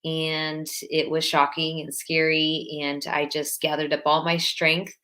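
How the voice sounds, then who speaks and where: A woman's voice: low-pitched, completely flat delivery, measured pace, bright, forceful tone. A woman in her thirties hosting a live stream, talking in a chatty, heartfelt way and greeting viewers by name. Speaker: livestream host. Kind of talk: casual live-stream chat.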